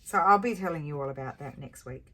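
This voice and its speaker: Low-voiced chatty woman crafting. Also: fast talker, pushed and bright, a little hiss or hum. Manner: rambling, chatty, with frequent fillers and chuckles. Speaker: crafting vlogger. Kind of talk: casual chat while crafting.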